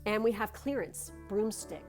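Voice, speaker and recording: A woman's voice: mid-range voice, lively intonation, a little slow, soft background music. A woman giving a casual pick-a-card tarot reading. She gushes encouragement, swears casually, and moves between reading card text aloud and chatty asides. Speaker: tarot reader.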